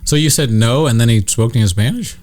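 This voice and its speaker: A man trading banter on a comedy podcast in a middle-pitched voice. He jokes around and laughs often, and he sounds a little worn out after a trip. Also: quick pace, a little mellow. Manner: joking, laughs often, slips into mocking put-on voices. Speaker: podcast co-host.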